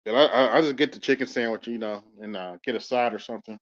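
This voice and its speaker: A man hosts a casual live talk stream and chats at an easy, drawling pace. He trails off and restarts often, filling the gaps with ums and uhs. The audio sounds dull and muffled. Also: medium pitch. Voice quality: laid-back, drawling, halting with fillers. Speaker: podcast host. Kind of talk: casual chat.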